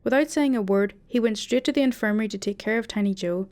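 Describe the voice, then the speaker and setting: A woman's voice: on the high side, quick pace, a little mellow. Woman narrating a spooky story. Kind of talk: first-person horror story narration.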